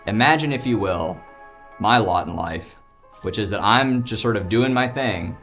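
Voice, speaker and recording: A man's voice: on the low side, expressive, moderate pace, a bit bright, faint music behind. A man in an improv comedy scene, playing a put-upon stepfather and musing in dry asides.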